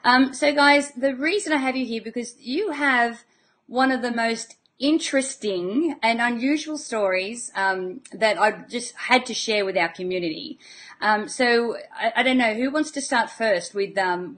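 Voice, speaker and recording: A woman hosts an interview in a slightly high voice. She is friendly and often restates her guests' ideas in her own words. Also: normal speed, a bit bright. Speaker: host.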